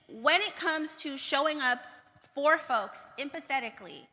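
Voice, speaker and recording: A woman giving a conference keynote talk, energetic, repeating points for emphasis and checking in with the audience. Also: sits high. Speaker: keynote speaker. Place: large conference hall. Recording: long hall reverb.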